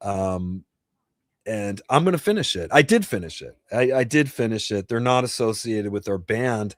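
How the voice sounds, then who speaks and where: A man's voice: fairly low pitch, animated, moderate pace, no echo, clean studio sound. A man in his fifties, originally from New Jersey, hosting a casual live Q&A stream. He talks bluntly and profanely, rambling with frequent restarts. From New Jersey, USA. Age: 50s. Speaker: host. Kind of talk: casual livestream Q&A chat. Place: home livestream setup.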